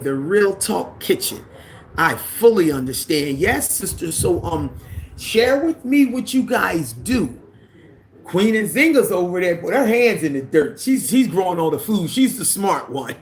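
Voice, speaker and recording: Chatty man on a live stream. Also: high voice. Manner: chatty, greets viewers by name, laughs often. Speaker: livestream host. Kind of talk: casual live chat with viewers. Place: home, indoors then outside in the yard. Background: faint rain.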